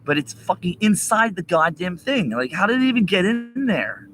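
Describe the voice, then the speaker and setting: A man's voice: sits high, big pitch swings, moderate pace, fairly bright tone, low-quality recording. A young man livestreaming from his laptop, talking into its built-in webcam mic indoors. His voice swings up and down as he rants and curses in an agitated, rambling way, with faint hiss behind him. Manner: profane, agitated ranting.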